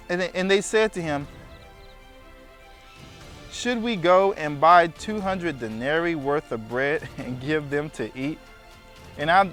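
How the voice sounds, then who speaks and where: A male preacher giving a lively sermon, acting out voices of the disciples as he teaches. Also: high voice. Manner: animated, acts out the disciples' complaints.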